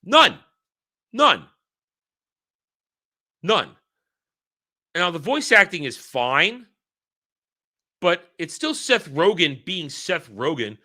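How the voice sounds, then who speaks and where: A man's voice: a little high, very animated, takes it slowly, sharp tone. A man giving a blunt, exasperated film review, swearing freely and repeating himself for emphasis.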